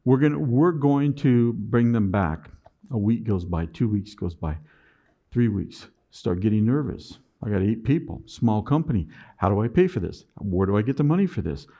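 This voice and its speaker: A man's voice: on the low side, moderate pace, muffled recording. Man telling a business story on stage. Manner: animated storyteller acting out his own past self. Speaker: conference speaker. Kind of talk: personal business story told to an audience.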